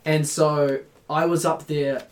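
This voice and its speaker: A man's voice: a little high, flat delivery. A young man with a New Zealand accent, co-hosting a casual podcast chat and telling stories with frequent laughter. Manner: laughs often, quick storytelling. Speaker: podcast co-host.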